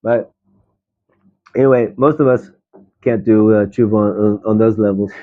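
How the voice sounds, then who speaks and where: A man's voice: on the low side, fairly even intonation, moderate pace. A man teaching an informal Torah class, chatty and digressive, telling stories with many restarts. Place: study hall classroom. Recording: tinny phone-like live stream audio.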